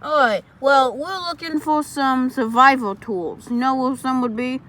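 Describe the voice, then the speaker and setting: A man's voice: very high voice, unhurried, sharp tone. A man voicing a laid-back cartoon octopus in a homemade cartoon, drawling easily with many fillers. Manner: drawling, easygoing, lots of fillers.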